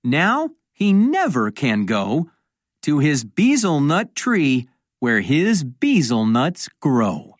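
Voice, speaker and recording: A woman's voice: deep voice, big pitch swings, slow, dry recording, clean studio sound. Sing-song woman reading a children's storybook. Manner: sing-song rhyming delivery, voices characters lightly. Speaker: storybook reader. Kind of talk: children's read-aloud narration.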